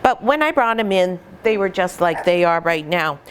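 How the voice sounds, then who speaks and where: A middle-aged woman who breeds puppies, explaining patiently and warmly in an instructional vlog at home, sometimes slipping into playful voices. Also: on the low side, animated, normal speed, clear, resonant tone. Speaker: puppy breeder.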